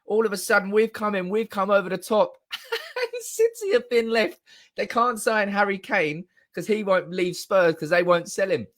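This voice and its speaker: A young man hosting a fan livestream, euphoric and swearing, shouting, laughing and reading out viewer comments. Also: high-pitched, moderate pace. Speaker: fan channel livestream host. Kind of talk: excited live-stream reaction.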